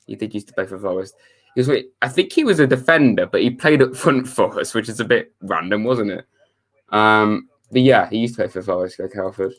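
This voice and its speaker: Man, young, live-stream chat, laid-back, lowish pitch. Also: fairly quick. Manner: chatty, reads chat messages aloud, laid-back.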